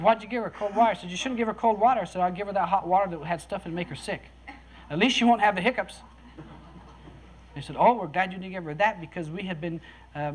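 A storyteller talks in a folksy, easygoing way, often chuckling and acting out the voices of the people in the tale. The voice sits at an ordinary middle pitch. A faint hiss of room ambience runs underneath. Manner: folksy, chuckles between lines, acts out quoted voices. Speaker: speaker telling a story to listeners. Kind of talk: casual storytelling talk.

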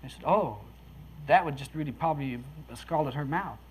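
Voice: medium pitch, normal speed, husky. A speaker, casually telling a story to listeners, chuckling often and acting out the voices of the people in it. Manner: folksy, chuckles between lines, acts out quoted voices.

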